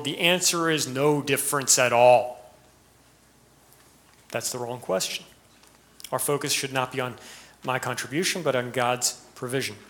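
A man's voice: medium pitch, a bit bright. A man with an American accent, a pastor giving an earnest sermon full of rhetorical questions and rising emphasis.

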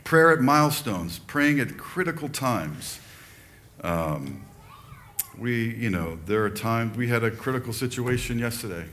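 An older man preaching a sermon in a relaxed, conversational way, telling personal stories and acting out quoted lines. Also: medium pitch. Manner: conversational, animated storytelling with quoted asides. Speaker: pastor.

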